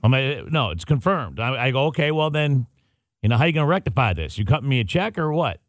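A man hosting a morning radio show, telling a story in a casual, animated way and acting out the dialogue. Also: medium pitch, fast talker, dry recording.

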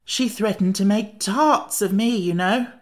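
A woman's voice: mid-range voice, measured pace, voice pushed up, natural voice. A woman voicing a timid, fretful male pumpkin-headed man in an audiobook reading. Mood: fearful. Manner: fretful, plaintive.

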